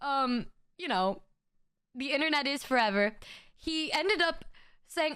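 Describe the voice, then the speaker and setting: A young woman streamer telling a funny story in casual chat, animated and laughing often, with quick stammers and restarts. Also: dry recording, studio quality. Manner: acts out friends' lines in quick high bursts. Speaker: VTuber streamer.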